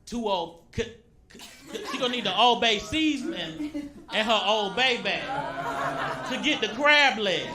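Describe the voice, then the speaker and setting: A stand-up comedian talking in a laid-back, giggly way that turns loud at the punchlines. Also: male voice, high-pitched, sing-song, a little slow, pauses often. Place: comedy club stage with audience. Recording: live club recording with crowd noise. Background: audience laughter.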